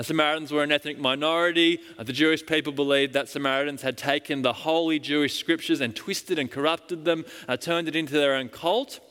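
A male preacher delivers a storytelling sermon, emphatic and full of restarts. His voice sits fairly high for a man. A long hall reverb trails every phrase. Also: fairly bright tone. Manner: storytelling, emphatic, with repeated starts.

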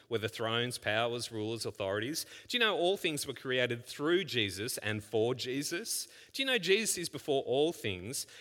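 A man preaching a sermon as pastor, firing rhetorical questions and moving between hushed scripture reading and loud emphasis. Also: mid-range voice. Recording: long hall reverb.

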